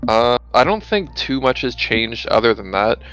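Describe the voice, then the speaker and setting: A young man co-hosting a casual chat, giving brisk updates. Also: medium pitch, big pitch swings, a bit bright, clear, resonant tone, faint music behind, low-quality recording. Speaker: podcast co-host.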